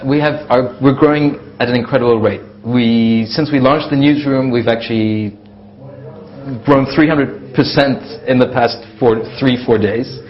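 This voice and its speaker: A man showing a visitor around his office, relaxed and joking dryly. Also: mid-range voice, unhurried. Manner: relaxed, dry humor. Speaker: office tour guide. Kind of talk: casual office tour. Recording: dull, lo-fi sound.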